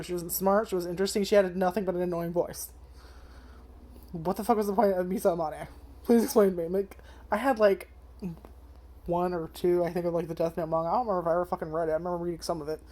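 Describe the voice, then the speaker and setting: A woman's voice: on the low side, warm tone. A young woman ranting casually about an anime's first episode, swearing a lot and filling her talk with "like" and "um". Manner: chatty and profane, with many fillers. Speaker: anime reviewer. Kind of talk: casual first-impressions rant.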